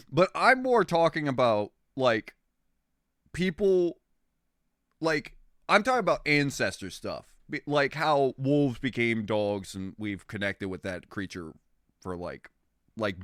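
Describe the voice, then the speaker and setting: A young man chatting with his stream in a loose, rambling way, swearing and getting excited over odd facts. His pitch swings up and down a lot. The sound is dry and close, with no room around it. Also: no room sound. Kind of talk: casual chat with stream viewers.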